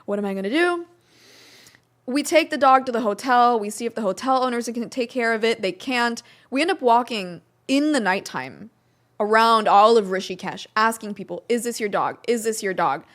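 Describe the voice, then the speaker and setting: A woman's voice: a little high, moderate pace, a bit bright. A young woman, a podcast guest, telling a story in a casual interview, acting out quotes and using many "like" fillers.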